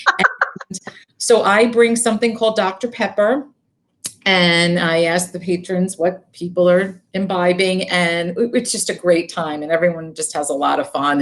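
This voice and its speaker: Brief: librarian guest, woman, Brooklyn accent, lowish voice, chatty and upbeat. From Brooklyn, New York. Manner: chatty and upbeat, laughs often. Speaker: librarian and book-podcast guest. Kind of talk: casual chat.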